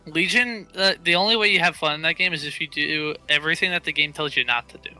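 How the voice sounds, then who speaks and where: A man co-hosting a gaming podcast chats casually in a fairly high voice, with faint music behind and a rough recording. He's animated but halting, packing his speech with fillers and restarts.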